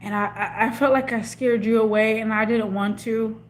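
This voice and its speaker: A woman's voice: fairly high pitch, steady tone, moderate pace, slight background noise. A woman chatting casually with viewers on a livestream, emotional and slangy, rambling with lots of restarts. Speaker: livestream host.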